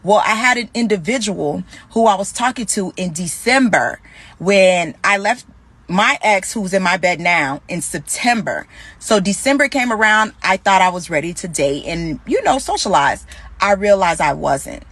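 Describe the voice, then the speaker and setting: Woman storyteller, husky voice, mid pitch, candid and conversational. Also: normal speed, no room sound. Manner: conversational, animated retelling with quoted dialogue.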